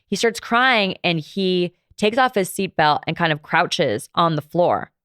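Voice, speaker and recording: Woman in her 30s, low smooth voice, chatty candid storytelling, lots of ums, dry close mic. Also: animated, a little slow, fairly bright tone, no echo. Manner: candid, conversational, frequent fillers. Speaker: podcast host. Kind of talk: personal storytelling monologue.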